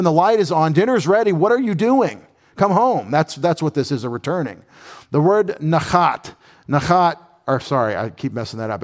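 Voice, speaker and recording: A man's voice: medium pitch, a little mellow. Folksy man teaching Bible words. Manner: explains words slowly, restarts often, folksy. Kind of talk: casual classroom lecture.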